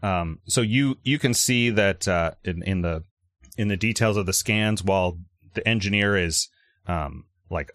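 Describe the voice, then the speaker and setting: Male game master, low pitch, stop-start delivery, dry mic. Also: fairly bright tone, no room sound. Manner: halting, many fillers and restarts. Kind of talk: narrating a tabletop game.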